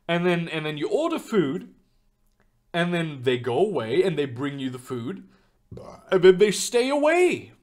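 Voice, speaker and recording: A young man answers his chat in a loose, rambling stream session, his slightly high voice swinging up and down a lot. He swears freely and stumbles through fillers and restarts as he talks. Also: sing-song, moderate pace. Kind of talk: casual live-stream chat. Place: home room.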